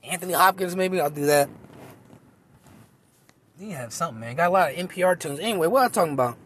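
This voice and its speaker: A man's voice: a little high, expressive, fast talker, fairly bright tone, breathy edge. A man, a comedian, talking in a rambling, profane, self-mocking monologue, recorded on a phone outdoors in a park.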